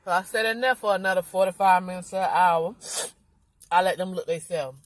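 A woman's voice: lowish voice, fairly quick, dry recording, poor audio. A pregnant mother of five, tired and out of breath, chatting casually to her vlog viewers in loose slang.

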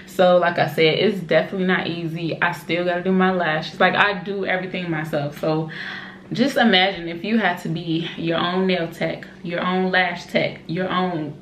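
A young woman and mother chatting excitedly to her camera at home, calling her viewers y'all. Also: lowish voice, normal speed. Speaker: vlogger, mother of an infant. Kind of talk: casual vlog chat to camera. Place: at home, indoors. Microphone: camera set up nearby, moved during talk. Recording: roomy home room with faint background noise.

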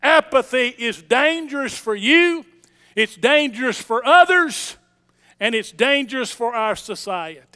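A pastor delivers his sermon in a strikingly high, smooth and resonant voice. He takes his time, rising to emphatic declarations and dropping to a hushed tone for his stories. His tone is bright and ringing. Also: lively intonation, measured pace. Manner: emphatic preaching, swinging from loud declarations to hushed storytelling. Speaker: senior pastor. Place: church sanctuary.

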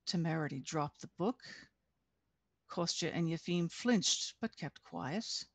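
A woman reads aloud from her own novel in a measured, deliberate way over a video call. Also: on the low side, expressive, no room sound. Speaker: author reading her novel. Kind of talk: expressive reading aloud.

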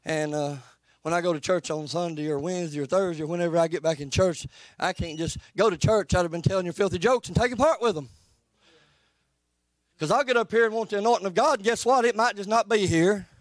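Male preacher, folksy and earnest, high-pitched, dry close sound. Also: fast talker, no room sound. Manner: plainspoken, folksy and earnest, rising and falling in pitch. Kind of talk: sermon. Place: church sanctuary.

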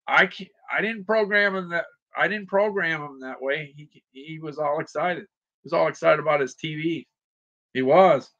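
A man's voice: high voice, pushed and bright, dull audio. A man hosting a casual livestream, rambling, repeating himself and greeting viewers by name. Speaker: livestream shopping host.

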